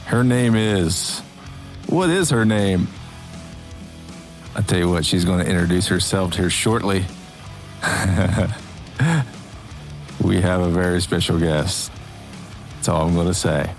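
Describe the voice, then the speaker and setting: A man's voice: deep voice, takes it slowly, pauses often, faint music behind. A middle-aged man hosting a podcast, chatting casually and joking often with his guest. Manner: jokey, laughs often. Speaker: podcast host. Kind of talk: casual chat.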